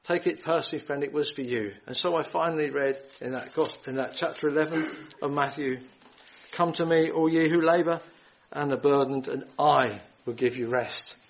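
Guy preaching a gospel message, kinda high voice, earnest and pleading, clears his throat a lot. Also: steady tone, a little fast, a little hiss or hum, poor audio. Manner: earnest, pleading, quotes scripture in old phrasing; often clears throat, repeats and restarts phrases. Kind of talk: gospel sermon.

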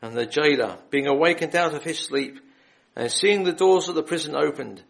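Male lay preacher in a hall, fairly high and a bit gravelly, earnest scripture reading and appeals. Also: moderate pace. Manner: earnest, reads scripture then appeals to listeners directly. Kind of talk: gospel preaching.

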